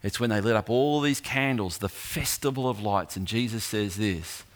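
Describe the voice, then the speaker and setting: Man preaching a storytelling sermon. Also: lowish voice. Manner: storytelling, rising in intensity with long pauses.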